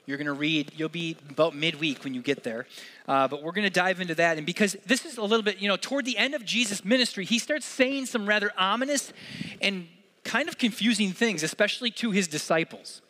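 Bright high-voiced male preacher. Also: brisk. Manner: conversational, earnest preaching with casual asides. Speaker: pastor. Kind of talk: sermon.

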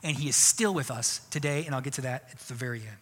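A man preaching a sermon in a conversational, animated way. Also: mid-range voice, fast, slightly rough. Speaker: pastor. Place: church sanctuary. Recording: long church hall reverb.

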